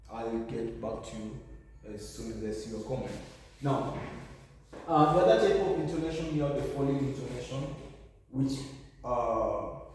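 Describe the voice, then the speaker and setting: A man's voice: medium pitch, darkish tone, slight background noise. Man teaching in an echoey room. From Kenya. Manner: explanatory, with self-corrections. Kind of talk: revision lesson. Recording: echoey room, far from mic.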